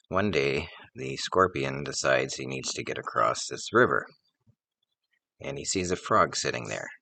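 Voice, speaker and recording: A man hosting, telling parables and reflecting in a measured, plainspoken way with filler pauses. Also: extremely low pitch, creaky, bright, forceful tone. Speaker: host. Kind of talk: storytelling and reflection.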